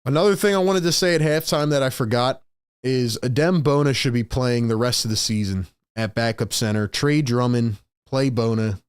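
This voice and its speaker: A man hosting a live play-by-play reaction stream. He swings between hyped shouting and frustrated muttering and repeats lines for emphasis. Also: medium pitch, normal speed, clear, resonant tone, no room sound, clean studio sound. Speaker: sports stream host.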